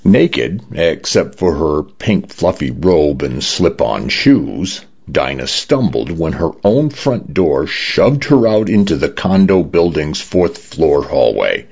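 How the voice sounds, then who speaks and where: A man's voice: very deep voice, big pitch swings, slow, vocal fry, few pauses, a little mellow, slightly rough. A man reading science fiction stories aloud as a radio narrator. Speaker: radio story reader. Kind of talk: scripted narration. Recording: dull lo-fi radio broadcast.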